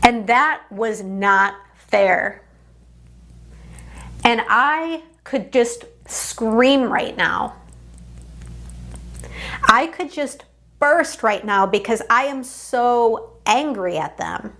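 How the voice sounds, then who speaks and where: A woman coach leading a guided tapping session, speaking in deliberate, repeated affirmations. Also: on the high side, animated, fairly bright tone.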